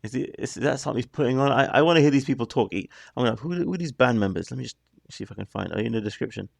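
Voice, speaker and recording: A racing, gravelly male voice of medium pitch, full of lively intonation, comes through a dry recording. He's reacting to music on video, chatting loosely and dropping thoughts halfway to start new ones.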